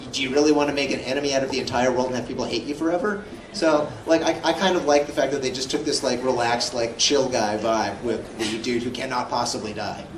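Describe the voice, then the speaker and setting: A man answering fan questions as a guest at a live convention panel, telling jokey stories. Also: medium pitch. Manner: playful, joking storyteller. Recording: echoey hall, far from mic, noisy.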